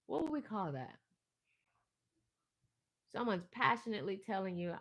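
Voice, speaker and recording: A woman hosting a casual spiritual live stream, talking with passion and rambling, swinging from soft asides to loud, emphatic bursts. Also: medium pitch, sing-song, normal speed, pauses often, breathy edge. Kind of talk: casual spiritual pep talk.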